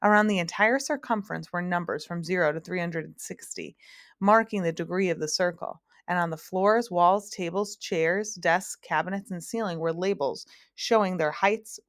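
A woman reading a children's novel aloud chapter by chapter, in a steady storytelling manner. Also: on the low side, dry recording, clean studio sound. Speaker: reader.

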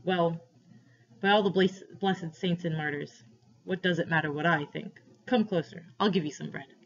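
A woman voicing a big, gruff bearded man who booms stern, mocking questions, in a dull lo-fi recording. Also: lively intonation, moderate pace, fairly bright tone, close to an everyday voice. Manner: booming, demanding questions.

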